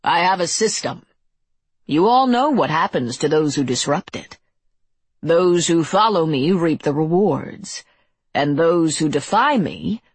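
A woman voicing a calm, smiling male crime boss who speaks with cool control in a storybook reading. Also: low-pitched, measured pace, husky, no room sound, heavily acted. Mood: calm threat.

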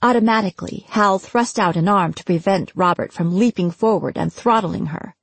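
A woman narrating an audiobook in an even, measured reading. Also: medium pitch, husky, dry recording. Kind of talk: scripted narration.

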